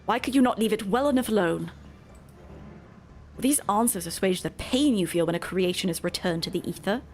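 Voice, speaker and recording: A woman voicing solemn ancient scholars from a game story in a put-on British accent, with a grave, measured delivery. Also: mid-range voice, lively intonation, a little mellow, soft background music, natural voice.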